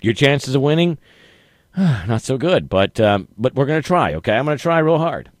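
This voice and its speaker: A male radio host with a lively, swooping delivery, running a call-in game. He trips over his own sentences and keeps mocking himself. The sound is dry and close. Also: mid-range voice, moderate pace, dry recording. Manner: self-deprecating, stumbling over words, laughing at himself.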